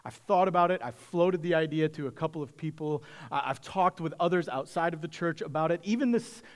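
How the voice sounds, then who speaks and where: A pastor delivering a sermon, a man with a slightly high voice for his sex. He speaks in a conversational, reflective way and addresses his congregation directly. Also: a little fast.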